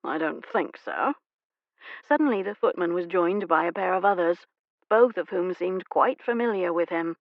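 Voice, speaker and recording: A woman narrating an audiobook in a measured, expressive way. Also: lowish voice, no echo. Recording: dry, slightly dull studio recording.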